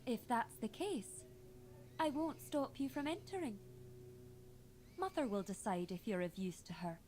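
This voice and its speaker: Small proud chieftain; high, unhurried, solemn game voice, faint hiss behind. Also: female voice, animated, a little mellow. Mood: warning. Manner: solemn and stern. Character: small female tribal chieftain, proud, protective. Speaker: game character. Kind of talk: game dialogue.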